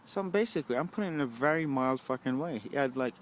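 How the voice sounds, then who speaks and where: A man's voice: mid-range voice, expressive, quick pace. A young man, rambling to the camera at a bus stop, swearing often and asking "right?" a lot. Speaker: vlogger.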